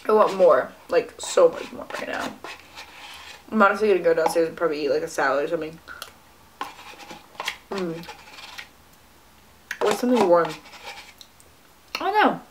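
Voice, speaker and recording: A woman's voice: on the low side, animated, moderate pace, long pauses, noisy background. A young woman chatting casually while she eats, with frequent fillers and little "mm" sounds. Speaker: fitness vlogger. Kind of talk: casual mukbang chat to camera.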